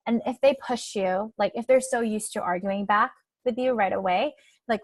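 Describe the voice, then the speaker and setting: A woman's voice: medium pitch, normal speed, dry recording. A young adult woman coach giving a webinar talk in a conversational way, often tagging her points with "right?" and "like". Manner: conversational, frequent "right?" and "like" tags.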